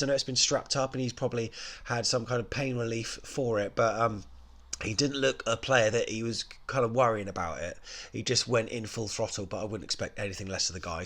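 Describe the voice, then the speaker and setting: A man talking through a football match and scoring each player, in a relaxed, off-the-cuff review. His voice sits at an ordinary middle pitch, and his talk is loose, full of fillers, and often stops to correct itself. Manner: rambling, many ums and you-knows, self-correcting. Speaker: football fan channel host.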